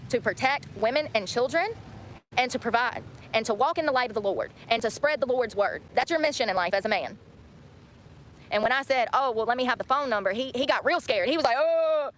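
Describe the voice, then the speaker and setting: Fast-talking, ranting woman streamer. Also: on the high side, animated, fairly bright tone, a little hiss or hum. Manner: ranting, indignant, repeats herself. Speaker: livestreamer. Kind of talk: angry ranting livestream.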